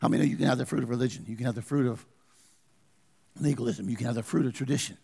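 A man's voice: medium pitch, steady tone, very fast, vocal fry, mellow, husky, big-room sound. A man preaching a sermon as pastor, asking his congregation questions and pressing his points. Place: church.

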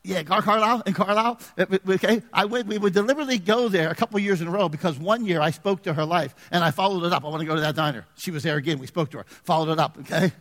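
A man preaching a sermon as pastor, animated and joking with the congregation in church. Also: high voice, very fast, few pauses, long reverb tail.

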